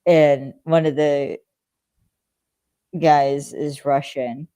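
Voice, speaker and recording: Rambling podcast co-host, warm dark voice. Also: medium pitch, little pitch movement, extremely slow, smooth, no echo. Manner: rambling, lots of fillers, acts out characters' lines. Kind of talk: casual chat recapping a TV episode.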